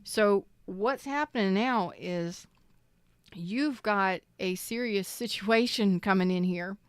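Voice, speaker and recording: A woman's voice: medium pitch, takes it slowly, clean tone, no echo. A woman giving a live tarot reading, emphatic and preachy, swearing freely and close to tears. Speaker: tarot reader.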